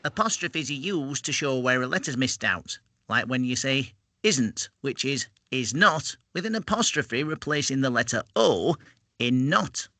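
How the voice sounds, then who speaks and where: A man's voice: mid-range voice, expressive, a little slow, sharp tone, dry recording, full character voice. A man playing a patient schoolkid explaining. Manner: patient, then exasperated.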